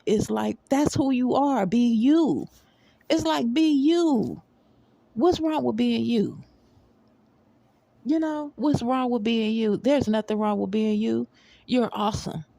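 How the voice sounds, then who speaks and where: A woman's voice: lowish voice, dark tone, dry recording. A woman vlogger giving a casual motivational monologue in a rambling, repetitive, emphatic way.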